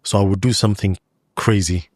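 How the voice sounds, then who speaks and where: A man's voice: lowish voice, steady tone, a little fast, darkish tone, no echo, clean studio sound. A man speaking as a guest in a podcast interview, telling a personal story in a loose, chatty way full of "like" and "you know".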